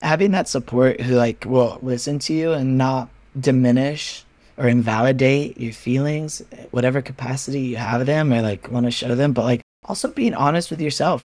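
A man talking openly as a podcast guest, frank and animated, with occasional swearing. He slips into other people's voices when retelling a story. His voice sounds dry and close, with no room echo. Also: mid-range voice, normal speed. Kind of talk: candid casual chat.

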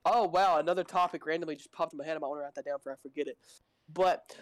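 Young man, slightly high, jokey. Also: fairly even intonation. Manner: jokey, quick asides and puns. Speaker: podcast co-host. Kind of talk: casual chat.

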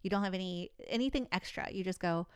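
A woman's voice: lowish voice, fast, darkish tone, clean tone, no echo. A woman in casual podcast chat, walking through self-help techniques and laughing easily. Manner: explains coping techniques with easy laughter.

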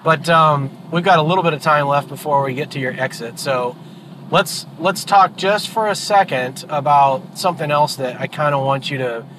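A man's voice: fairly high pitch, moderate pace, fairly bright tone, low-quality recording. A middle-aged man hosting a podcast with his daughter, chatting earnestly and rambling through stories while driving. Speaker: podcast host and father. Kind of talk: casual chat in a car. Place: in a moving car. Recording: road noise from the car.

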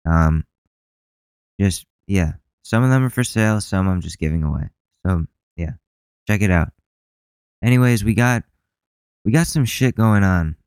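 This is a man with a low, smooth, crisp voice hosting a casual commentary podcast. He rambles, swears freely and has a sarcastic edge. The sound is dry and close. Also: expressive, unhurried, long pauses, darkish tone, dry recording. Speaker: podcast host.

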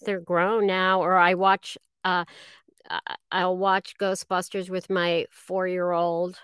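A middle-aged woman speaking as a guest voice actress in a casual interview, halting and self-deprecating with many fillers. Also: on the low side, smooth, dry recording, studio quality.

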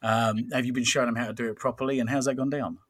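A man's voice: mid-range voice, fairly even intonation, very fast, fairly bright tone. Enthusiastic man hosting a chat. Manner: enthusiastic, encouraging, chuckling. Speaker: podcast host, wrestling trainer. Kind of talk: casual podcast conversation.

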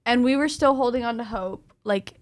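A young woman chats as a podcast co-host, telling a ghost story with a lot of animation and casual swearing. Her voice sits a bit high, and the recording is dry and close, with no room sound. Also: normal speed, no room sound.

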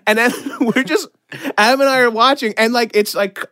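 A man telling a funny story on a podcast, animated, laughing often and leaning on "like" as he talks. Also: extremely high pitch, fairly quick, dry recording, clean studio sound. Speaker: podcast guest. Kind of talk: casual comedic storytelling.

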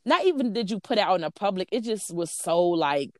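A woman in casual chat, animated and profane, acting out quoted lines and calling people "honey.". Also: medium pitch, brisk, no room sound, studio quality. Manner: calls listener "honey" and "child".

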